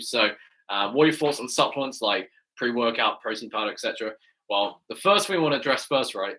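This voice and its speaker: Energetic, bright-voiced male fitness coach. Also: medium pitch, rough recording. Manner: energetic, chatty, keeps addressing viewers, repeats phrases. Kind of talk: live-stream Q&A.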